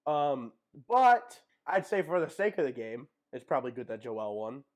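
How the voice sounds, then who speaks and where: A man's voice: mid-range voice, big pitch swings, moderate pace. A young man co-hosting a casual podcast, talking basketball with hesitant restarts. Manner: hesitant, lots of um and uh. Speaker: podcast co-host. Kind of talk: casual sports chat.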